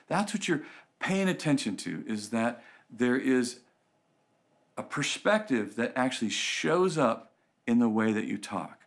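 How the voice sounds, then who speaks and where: A man giving a conversational teaching talk on relationships, telling stories and acting out quoted voices with lively shifts. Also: medium pitch.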